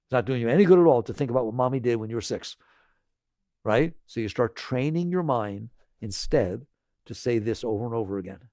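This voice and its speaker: Gravelly man giving a spiritual talk. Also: mid-range voice, expressive, dry recording, studio quality. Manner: conversational, tags lines with "right?"; repeats phrases slowly and gently. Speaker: spiritual teacher.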